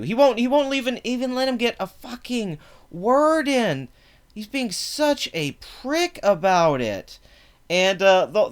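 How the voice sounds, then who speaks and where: A man's voice: on the high side, clean tone. A young man hosting a reaction video, ranting angrily and profanely about a clip, with frequent fillers. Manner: angry, profane, fast-talking rant with frequent fillers. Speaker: political commentary video host. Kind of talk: reaction rant.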